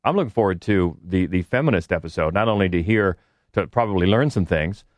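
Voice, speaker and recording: Man co-hosting, low-pitched, dry sound. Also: expressive, no echo. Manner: halting, restarts a lot, breaks into loud movie quotes. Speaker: podcast co-host. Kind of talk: casual podcast chat.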